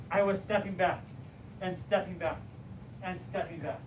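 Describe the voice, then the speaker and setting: A man with a very high voice tells a lively story to a room of listeners, switching into shouted character voices as he goes. He sounds some way off the mic in a room that rings with echo, with a faint hum of ambience underneath. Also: a little slow. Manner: animated, acts out voices and shouts. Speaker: teacher trainer telling a story. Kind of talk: storytelling talk to a live audience. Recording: echoey room, mic from far off.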